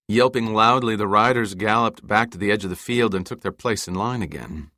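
A man giving scripted audiobook narration, measured and deliberate. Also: low-pitched, bright, forceful tone, no room sound, studio quality.

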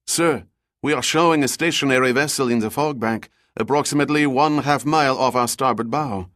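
A man voicing a male radar crewman who delivers a crisp, dutiful report. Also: mid-range voice, a little fast, fairly bright tone, dry recording, studio quality, pitched above the performer's own voice, close to an everyday voice.

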